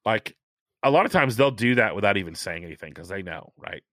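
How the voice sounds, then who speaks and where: A middle-aged man hosting a casual chat, talking chattily and stressing key points by slowing down. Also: on the low side, lively intonation, a bit bright, no room sound, clean studio sound. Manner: chatty, emphatic, repeats points slowly for stress.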